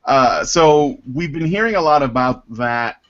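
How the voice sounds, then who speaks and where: A man hosting a casual podcast panel, reading out listener mail in a halting, rambling way with many fillers. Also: mid-range voice, lively intonation, a bit bright, lo-fi sound. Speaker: podcast host.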